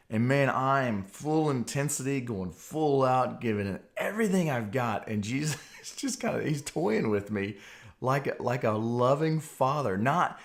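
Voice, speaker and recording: A man in his forties, a podcast host, earnestly telling a personal testimony in an animated way. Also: medium pitch.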